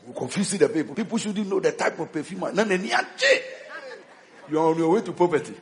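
A bishop preaching with a high voice that rises and falls animatedly. He hammers his points home through repetition and calls on the congregation to answer back. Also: animated, fast talker, a little mellow. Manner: emphatic call-and-response preaching with repetition. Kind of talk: sermon.

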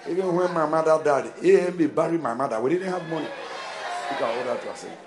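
A man's voice: a little high, a little fast, crowd noise, noisy background. A man preaching a sermon as pastor, emphatic, with call-and-response and repeated phrases.

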